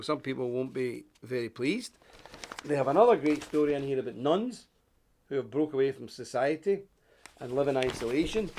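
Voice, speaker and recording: A middle-aged man with a Northern Irish accent, hosting a live online commentary, rambling and indignant as he reads from a paper and greets viewers. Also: on the high side. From Northern Ireland. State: coughing. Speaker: host.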